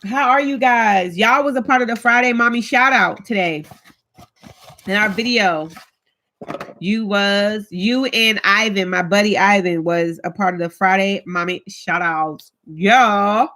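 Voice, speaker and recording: A woman's voice: medium pitch, a little slow, bright, forceful tone. A woman hosting a casual live-stream chat, talking straight to her viewers in a heartfelt, chatty way with African American Vernacular English speech.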